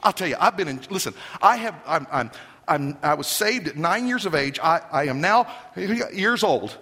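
A man preaching a sermon in an emphatic, animated way, with joking asides to the congregation. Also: a little high, normal speed, slightly rough, long reverb tail. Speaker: pastor.

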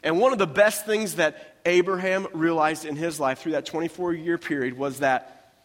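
A man preaches with a high, light voice, talking to the congregation in a loose, joking way full of quick asides. His words ring out with the long reverb of a large hall. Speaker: pastor. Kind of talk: sermon.

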